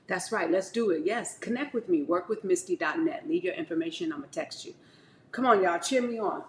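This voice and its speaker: A woman chatting casually to her viewers as she juices and drinks wheatgrass shots, calling them y'all and talking in animated bursts. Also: fairly low pitch, brisk, roomy sound, a little hiss or hum. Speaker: wellness vlogger. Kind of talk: casual chat to camera.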